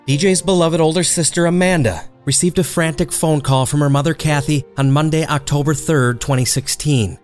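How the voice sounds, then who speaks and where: A man narrating a true-crime story in a measured, dramatic scripted delivery. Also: a little high, steady tone, soft background music. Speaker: narrator and host.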